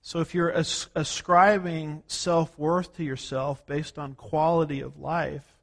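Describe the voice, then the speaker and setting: A man from the United States preaching a sermon as a pastor, working through numbered points and slowing down to stress key words. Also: a little high, flat delivery, creaky. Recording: long hall reverb.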